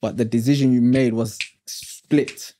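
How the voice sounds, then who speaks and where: A man's voice: mid-range voice, steady tone, measured pace, mellow. A man hosting a casual interview, talking in a reflective, preachy way with street slang. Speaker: podcast host.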